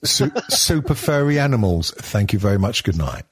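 Husky-voiced sweary man bantering. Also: on the low side, sing-song. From Wales. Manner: sweary, joking, with quick restarts. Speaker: podcast host. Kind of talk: casual banter.

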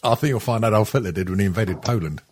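Husky rambling man hosting. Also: on the low side, very fast. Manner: rambling, sweary, full of ums and restarts. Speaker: podcast host. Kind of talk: casual podcast chat.

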